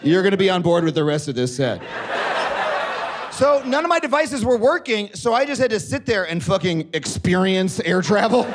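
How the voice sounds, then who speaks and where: A man's voice: high-pitched, noisy background. A man performing a stand-up comedy set on a theater stage, telling stories with acted-out quotes. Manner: animated storytelling with acted-out quotes. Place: theater stage before a live audience. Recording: live audience laughter behind.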